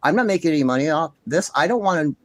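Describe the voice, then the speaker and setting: A man hosts a ranting commentary vlog, speaking with heated, indignant passion and liberal swearing. His voice swings widely in pitch as he hammers the same points again and again. The sound is dry and close, with no room echo. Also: lively intonation, racing. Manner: repeats himself insistently. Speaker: commentary channel host.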